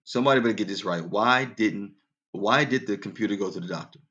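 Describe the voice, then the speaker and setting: Fast and sharp-toned, this man's voice comes through a muffled recording. He's a casual radio host who tells dad jokes, laughs at his own punchlines, addresses listeners directly, and uses much higher pitch for quoted voices.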